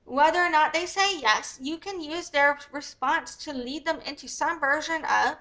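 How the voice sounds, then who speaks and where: High bright-voiced woman, blunt and profane. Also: normal speed, poor audio. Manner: blunt, profane, rambling asides. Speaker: author reading her own business ebook. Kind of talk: reading aloud, then casual explaining.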